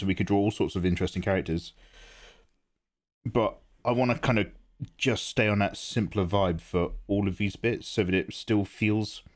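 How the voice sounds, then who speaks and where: A man streaming his drawing live, chatting casually and self-deprecatingly while he explains his choices. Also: on the low side. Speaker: art streamer.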